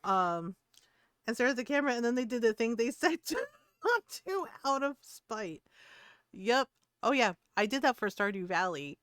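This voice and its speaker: A woman's voice: fairly high pitch, very animated, normal speed, a bit bright, no room sound, studio quality. A middle-aged woman streaming a game, chatting casually in a blunt, swearing manner and laughing often.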